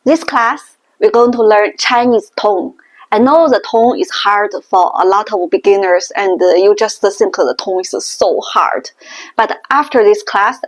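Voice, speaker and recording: A woman teaching Mandarin tones in a language lesson, explaining slowly and deliberately. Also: mid-range voice. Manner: slow, deliberate explaining with exaggerated tone demonstrations.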